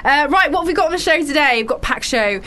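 A woman's voice: high-pitched, animated, pushed and bright, a little hiss or hum. A woman hosting a radio show, chatting casually with a guest and laughing often. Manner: chatty, giggly, quick asides.

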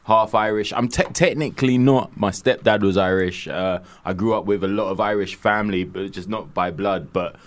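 Low-voiced man, animated storyteller. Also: moderate pace, hardly any pauses. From London. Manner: lively storyteller, laughs often, voices bursts of excitement. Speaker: radio co-host. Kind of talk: casual radio banter. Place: radio studio.

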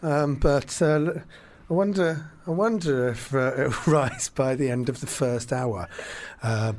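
A man's voice: mid-range voice, unhurried, darkish tone, slight background noise. A man co-hosting a podcast in casual chat, rambling with many fillers and restarts. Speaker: podcast co-host.

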